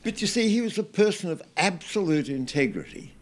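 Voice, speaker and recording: An older Australian man, a guest in an interview, telling anecdotes in a relaxed way with many fillers and restarts. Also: high voice, brisk, slight background noise.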